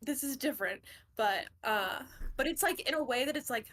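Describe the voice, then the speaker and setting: A woman's voice: high voice, lively intonation, brisk, fairly bright tone. A young woman co-hosting a book club podcast. She talks casually, rambles, laughs often and swears. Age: young adult.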